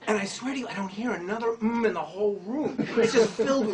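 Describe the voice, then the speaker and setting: A woman telling a personal story in a rambling, halting way, stumbling over her words and restarting her sentences. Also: medium pitch, recorded from a distance. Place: room with people.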